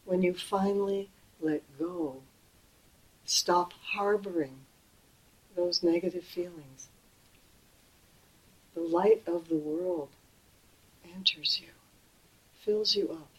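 A woman teaching Buddhist practice in an easy, conversational sermon. Her voice sits at a middle pitch. She eases off and goes quiet and slow whenever a point matters. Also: expressive, vocal fry, rough recording. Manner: gentle and conversational, slowing and softening on key phrases. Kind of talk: dharma talk.

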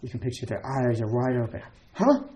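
A man's voice: medium pitch, flat delivery, fast talker, mellow. A man giving a dharma talk as a Zen teacher, casual and chatty, with many fillers and laughs between points.

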